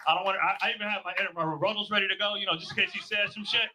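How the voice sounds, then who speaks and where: A man's voice: high-pitched, steady tone, very fast. A man hosting a live show, telling a profane comic story and acting out both sides of an argument. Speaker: show host. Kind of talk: comedic storytelling. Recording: noisy live stream.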